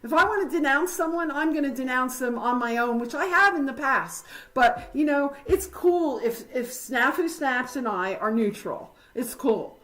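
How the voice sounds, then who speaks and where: A woman's voice: sits high, lively intonation, normal speed, hardly any pauses, fairly bright tone, rough recording. Agitated woman ranting on a livestream. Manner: agitated, confrontational, rambling with fillers. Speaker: livestream host. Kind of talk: heated livestream rant.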